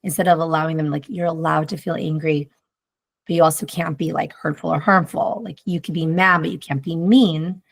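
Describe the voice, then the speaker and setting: Low, gravelly-voiced woman chatting. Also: fairly even intonation, a little fast. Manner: rambling, heavy use of "like", reflective. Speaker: podcast guest, mother. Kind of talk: casual conversation.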